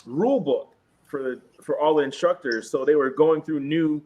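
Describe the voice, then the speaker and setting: A young man hosting a casual veterans' chat, telling stories from basic training and shouting out the drill instructors' lines. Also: on the high side, moderate pace, highs cut off. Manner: animated, acts out yelling drill instructors. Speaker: podcast host. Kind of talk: casual storytelling among veterans.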